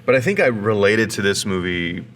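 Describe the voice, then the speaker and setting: Low-voiced man sharing movie trivia. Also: expressive, moderate pace, a bit bright, slight background noise. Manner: shares trivia, asks questions. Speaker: podcast co-host. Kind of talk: casual film discussion.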